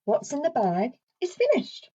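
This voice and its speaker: A woman's voice: high-pitched, wildly swooping pitch, dark tone, highs cut off. Playful British woman speaking to small children. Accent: British English. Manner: sing-song, playful, slow and exaggerated for young children. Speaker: speech and language therapist. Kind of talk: children's song and story session.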